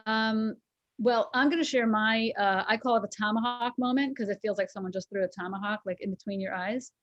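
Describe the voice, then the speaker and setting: A woman's voice: medium pitch, fairly even intonation, fairly quick, no echo, highs cut off. A woman in her forties, co-hosting a casual chat and telling a personal story in a candid, emotional way. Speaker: co-host.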